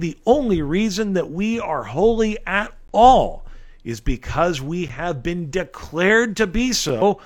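A man's voice: high-pitched, fairly bright tone. A man preaching an expository sermon, earnest and emphatic, with folksy asides to his listeners.

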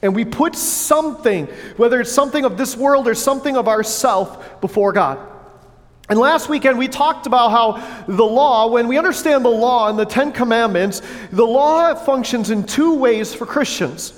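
A pastor preaching a sermon in a church, earnest but breaking into playful asides to the congregation on a wireless mic. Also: male voice, very high voice, moderate pace. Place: church sanctuary. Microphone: wireless headset or lapel mic with battery pack. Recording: long church hall reverb.

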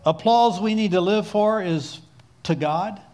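A man's voice: high voice, a little slow, a little mellow. A man preaching a sermon in an earnest, exhorting way, calling on his listeners to repeat lines after him.

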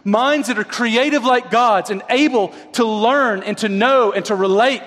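A man preaching a sermon in a conversational way, often checking in with his listeners through quick tag questions. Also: extremely high pitch, a bit bright. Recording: long reverb of a large hall.

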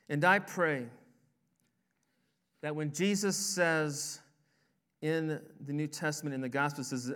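A man's voice: fairly high pitch, fairly bright tone, clean tone. A man preaching a sermon as a pastor, with an emphatic delivery that rises and falls. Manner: emphatic, rising and falling preaching cadence.

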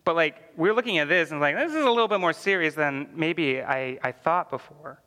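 A man's voice: on the high side, animated, brisk, bright, forceful tone, in a large hall. A man teaching a church Bible class in a conversational way, full of "like" fillers and questions to the class.

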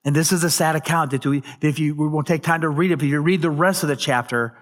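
A male pastor preaching a sermon, retelling a scripture story with dramatic emphasis and occasional loud peaks. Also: a little high, fairly even intonation, fast talker.

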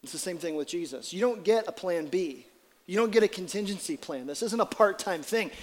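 A man with a fairly high voice preaches a sermon from the pulpit. He moves between casual, lively asides and slow, weighty scripture reading, and his voice rings with the long reverb of a big hall. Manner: conversational, animated preaching with dramatic scripture reading. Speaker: pastor.

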